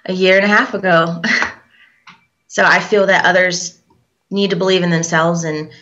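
A young woman, a guest in an interview, tells a personal story haltingly, pausing often and relying on fillers. Her lowish voice has a sharp, bright edge and a steady tone. The recording is dull and lo-fi, as though the high end had been shaved away.

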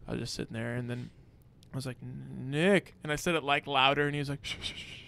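A man's voice: medium pitch, racing, vocal fry, a loud crowd. A young man and podcast guest, telling a story in casual chat and acting out the quotes. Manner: animated storyteller, acts out quotes.

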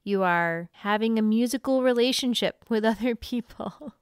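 A woman's voice: fairly high pitch, normal speed, clear, resonant tone, no echo, clean studio sound. A woman teaching fiddle on a podcast in a friendly way, laughing often and singing bowing rhythms aloud. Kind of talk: instructional podcast talk.

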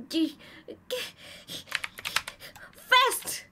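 A young woman streaming a game in casual, simple broken English, excitable, with squeals, gasps and sing-song humming. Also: sits high, takes it slowly, long pauses, background noise. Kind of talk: casual gameplay chat.

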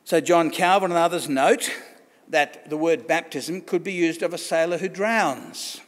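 A man's voice: fairly high pitch, unhurried. Australian man preaching in reverberant church. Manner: conversational, restarts and rhetorical questions. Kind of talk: sermon. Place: church hall.

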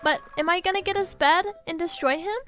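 A woman's voice: extremely high pitch, a little fast, a bit bright. A young woman giving playful gaming commentary, teasing her opponent with dramatic, giggly trash talk. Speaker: gaming YouTuber. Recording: game music playing behind voice.

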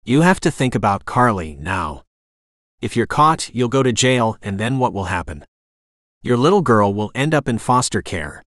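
A frightened young widow pleads and reasons in an earnest storybook voice, as a male narrator puts her on. The delivery sits at a middle pitch and sounds dry and close, with no room around it. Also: big pitch swings, normal speed, fairly bright tone, no room sound. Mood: pleading.

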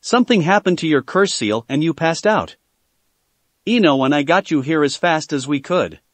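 A man voicing an excitable, clingy teenage ninja girl with sharp, eager outbursts. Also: deep voice, normal speed, no room sound. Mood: eager, indignant.

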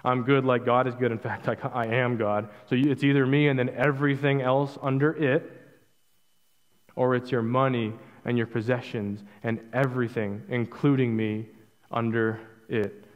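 A man preaching a sermon as pastor, emphatic, acting out quoted lines in a conversational way and dropping to a hushed low voice on key words. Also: fairly even intonation, moderate pace. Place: church sanctuary. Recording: dull audio with long reverb in a hall.

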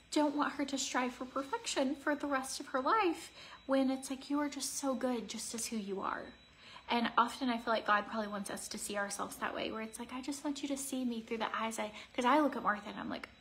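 Earnest, rambling woman, thirties, bright high voice, soft background hiss. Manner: rambling, earnest and emotional, many fillers. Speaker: vlogger. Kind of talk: casual get-ready-with-me chat. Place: home, indoors.

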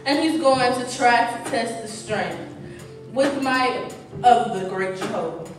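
A woman reading a sermon poem aloud with a slow, measured, preacher-like cadence. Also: fairly high pitch. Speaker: reader. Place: large church. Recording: echoey church from far off, music behind.

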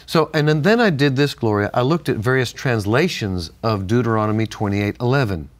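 A man's voice: medium pitch, lively intonation, a little fast. An older man co-hosting a Bible-teaching chat, telling stories and laughing often. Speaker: co-host.

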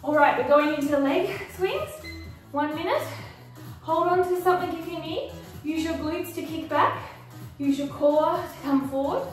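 A woman's voice: high voice, moderate pace. A woman fitness instructor guiding a workout, encouraging and cueing moves and counting time. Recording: echoey room, mic far off, faint music.

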